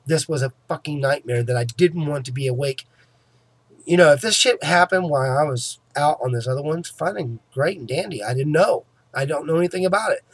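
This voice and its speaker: A vlogger describes having a tooth painfully pulled, his jaw still sore, as he swears, stresses his words, and keeps checking in with "okay?" His fairly high voice is slightly rough, with lively intonation and a fairly quick pace.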